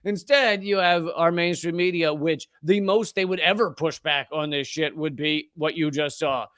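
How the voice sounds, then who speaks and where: A male comedian hosts his show with a highish, fairly bright, clear and resonant voice at a moderate pace, recorded dry in studio quality. He rants about politics, swearing and mocking sarcastically.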